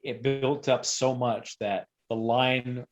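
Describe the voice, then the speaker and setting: A man who is a guest on a podcast, telling a story casually and rambling, with sudden loud bursts when he acts out quotes. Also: mid-range voice, fairly even intonation, takes it slowly.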